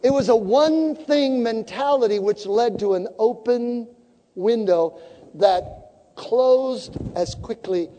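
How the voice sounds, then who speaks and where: A woman preaching a sermon as a story, animated and acting out the conversations she tells. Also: mid-range voice, big-room sound.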